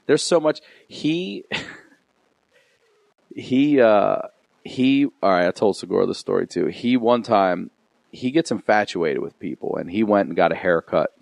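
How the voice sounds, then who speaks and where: A man from Baltimore with a very low, deep voice tells a loose, rambling story on a podcast. He keeps restarting his sentences and chuckles along the way. The sound is close and dry, with no room around it. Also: animated, a little slow, gravelly, darkish tone, dry recording. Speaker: guest comedian. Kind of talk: casual storytelling chat.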